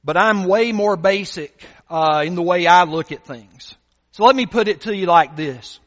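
A man's voice: high voice, normal speed, fairly bright tone, long reverb tail, muffled recording. A man preaching a sermon as pastor, emphatic and full of rhetorical questions to his congregation.

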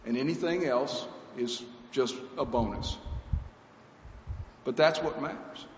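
A man's voice: medium pitch, takes it slowly. A man preaching a sermon in an earnest, emphatic, conversational way, repeating key phrases for weight. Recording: echoey hall, dull lo-fi sound, faint hiss.

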